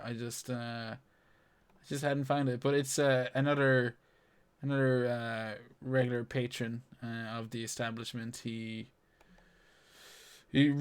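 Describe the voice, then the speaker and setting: Male podcast host, mid-pitched and bright, quick sweary banter. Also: dry recording. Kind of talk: casual podcast chat.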